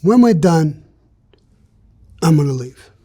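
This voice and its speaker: A man's voice: fairly high pitch, animated, slow, dark tone, slightly rough. An older man, telling a story in an interview in a blunt, streetwise way and acting out the dialogue. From New York.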